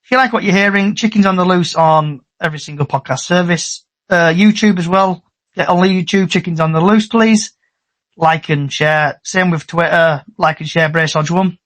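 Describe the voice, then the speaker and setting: A man's voice: on the high side, fairly bright tone. A man with a Middlesbrough accent hosting a podcast in chatty, upbeat casual talk, thanking his regulars. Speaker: podcast host. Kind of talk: casual chat.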